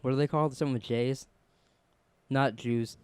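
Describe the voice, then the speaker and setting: A man's voice: medium pitch, fairly even intonation, moderate pace, clean tone, no room sound. A young man co-hosting a podcast, rambling through stories in casual chat, acting out quotes and swearing often. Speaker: podcast co-host.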